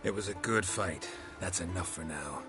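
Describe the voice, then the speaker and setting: An actor playing a stoic, gruff monster hunter in a video game, terse and dry. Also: male voice, sits low, moderate pace, music in the background, lightly acted. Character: stoic gravel-voiced male monster hunter.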